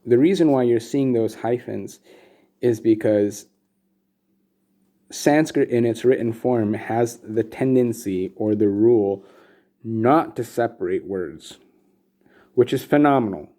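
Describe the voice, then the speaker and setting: A man explaining Sanskrit script and meter as a teacher, relaxed and casual, with many pauses and fillers. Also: mid-range voice. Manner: relaxed, many ums and restarts. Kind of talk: explanatory lesson with slides.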